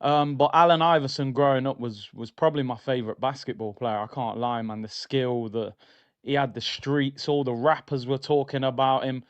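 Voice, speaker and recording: A man hosting a casual football talk stream, chatty and excitable, full of slang, talking straight to his viewers. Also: mid-range voice, moderate pace, smooth, dry recording, lo-fi sound. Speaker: football channel host.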